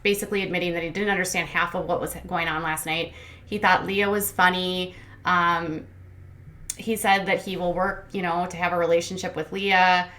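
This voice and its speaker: A woman's voice: fairly low pitch, steady tone, normal speed, fairly bright tone. A woman hosting a commentary channel, recapping casually in a chatty, sarcastic, critical way. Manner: sarcastic, critical, chatty with many ums and likes.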